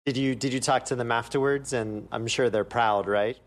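A man hosting an interview, gently prompting his guest with casual follow-up questions. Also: medium pitch, steady tone, moderate pace. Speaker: podcast interviewer.

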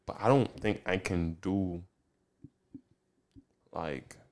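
A man's voice: deep voice, slow pace, darkish tone. A man in casual group chat, talking in slang and acting out the voices of the people he quotes.

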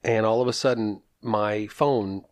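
A man's voice: lowish voice, fairly even intonation, unhurried, a little mellow, clear, resonant tone. Easygoing man podcast co-host. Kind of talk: casual podcast chat.

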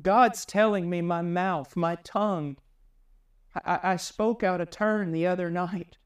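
A man preaching a sermon with passion, climbing high and loud to drive home his points. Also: fairly even intonation, measured pace, distant mic. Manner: impassioned, rises high and loud for emphasis.

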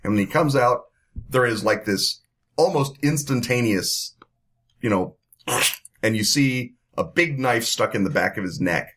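A man's voice: medium pitch, expressive, measured pace, background noise. A man narrating as game master for a tabletop game, rambling with fillers and sound effects.

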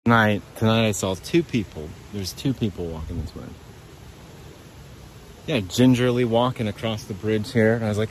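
A man's voice: lowish voice, fairly even intonation, brisk, a little hiss or hum, poor audio. A man hosting his own podcast, rambling and swearing freely in a loose, self-mocking monologue recorded outside by a creek. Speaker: podcast host. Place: outdoors by a creek.

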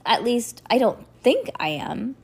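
A woman's voice: on the high side, wildly swooping pitch, measured pace, vocal fry, a little mellow, breathy edge, pitched above the performer's own voice, heavily acted. A woman voicing a clever, testy teenage girl in a read-aloud storybook, speaking firmly. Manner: firm and testy.

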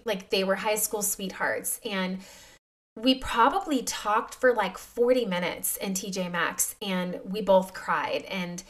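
This podcast host, a woman in her thirties, offers heartfelt faith-based talk, confiding in her listeners with real emotion. Her voice sits at medium pitch with a fairly bright tone.

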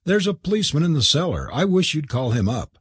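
A man reading a novel aloud and voicing a prim, impatient young woman, with a husky voice. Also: fairly high pitch, very animated, quick pace, no room sound, studio quality, pitched above the performer's own voice, full character voice. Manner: indignant, prim exclamations. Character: young well-bred woman, sharp and impatient. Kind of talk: audiobook character voice.

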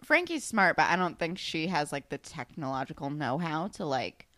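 A woman's voice: deep voice, moderate pace, no room sound. A young woman co-hosting a casual chat that recaps a TV show, adding dry, wry comments. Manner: dry, wry remarks, lively intonation. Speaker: podcast co-host.

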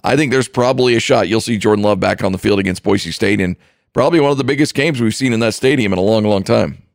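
A man co-hosting a sports radio show, talking in a halting, casual way with many restarts. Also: lowish voice, creaky, dry recording, clean studio sound.

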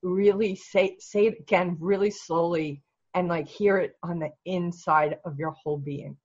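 A coach speaking calmly and reflectively, guiding the other person with gentle prompts. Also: medium pitch, unhurried, breathy edge, dull audio.

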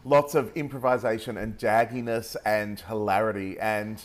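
A man's voice: lowish voice, fairly even intonation, moderate pace. Chatty Australian man from Melbourne. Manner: enthusiastic, broad vowels. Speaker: podcast guest. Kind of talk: casual chat.

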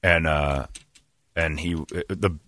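A man telling comic stories in a rambling, animated way and often laughing mid-sentence. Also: a bass voice, drawn-out words, dry recording, clean studio sound. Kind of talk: comedic storytelling.

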